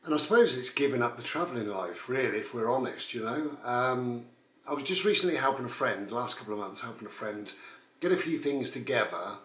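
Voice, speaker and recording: A man's voice: mid-range voice, animated, fairly quick, fairly bright tone. A man, telling a rambling, casual story as a vlogger. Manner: rambling, with frequent "and all the rest of it". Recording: roomy, distant mic.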